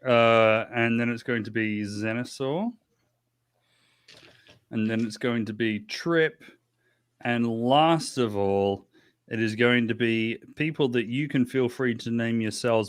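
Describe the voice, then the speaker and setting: A man's voice: medium pitch, fairly even intonation, unhurried, smooth. A man acting as game master of a tabletop game, chatty and self-deprecating, often restarting his sentences.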